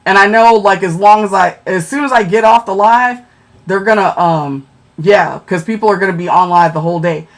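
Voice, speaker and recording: A woman's voice: mid-range voice, moderate pace. A woman hosting a casual livestream, chatting with viewers, answering them by name and often checking in with "okay?". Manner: chatty, keeps tagging lines with "okay?". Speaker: livestream host.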